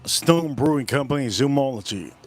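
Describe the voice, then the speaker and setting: With slight background noise behind him, a US whiskey livestream host rambles through anecdotes at a moderate pace, cursing casually and saying things twice. His mid-range voice is expressive.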